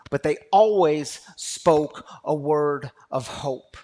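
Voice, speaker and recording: A man, pastor of a recovery community, preaching a sermon that moves from quiet storytelling to loud, fervent exhortation. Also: on the high side, slow.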